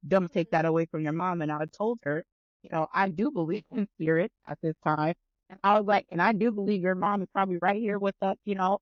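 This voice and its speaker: A woman chatting on a podcast, telling a long story with lots of swearing and acting out both sides of the conversation. Her voice sits at a middling pitch. The sound is dry and a little dull, as if recorded close on a modest mic. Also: no echo. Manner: animated, profane, acts out both sides of conversations. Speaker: podcast guest. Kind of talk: casual storytelling chat.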